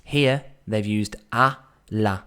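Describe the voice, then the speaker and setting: Low-voiced man patiently explaining. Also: sharp tone, smooth. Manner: patient, thinks aloud, slows down to sound out Spanish phrases. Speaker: Spanish tutor. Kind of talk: explanatory language lesson.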